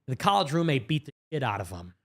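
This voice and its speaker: Man, podcast guest, animated storytelling, quick bursts, jumpy pitch. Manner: fast, animated retelling with sudden pitch jumps. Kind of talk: casual storytelling interview. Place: podcast studio.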